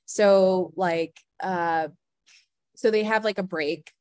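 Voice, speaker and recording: A woman guest on a podcast telling a story in casual chat, animated and full of "like" fillers, acting out what people said. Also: fairly low pitch, slow pace, no echo. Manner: animated storyteller, heavy "like" fillers, acts out quotes.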